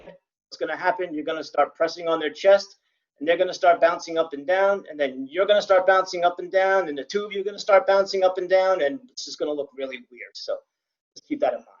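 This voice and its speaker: Male CPR instructor, plain-spoken lecture with dry humor, a bit high-pitched, muffled lo-fi audio. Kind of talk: classroom lecture. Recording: dull lo-fi recording.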